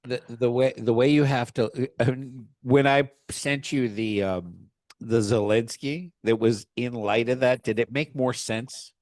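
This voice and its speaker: A man co-hosts a podcast in a loose, rambling, profane way, often breaking into laughter mid-sentence. His voice sits at an ordinary middle pitch. The sound is dry and close, with no room echo. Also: a little slow, darkish tone. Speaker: podcast co-host. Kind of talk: casual chat.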